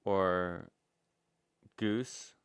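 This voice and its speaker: Low, smooth-voiced man reacting casually. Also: steady tone, extremely slow, dry recording, studio quality. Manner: hesitant, filler-heavy, musing. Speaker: commentary host reacting to a stream.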